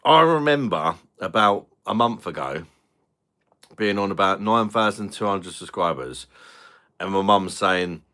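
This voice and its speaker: A man's voice: low voice, animated, measured pace, sharp tone. A man chatting crudely with viewers on a beer review livestream, swearing and laughing often. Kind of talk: casual livestream chat.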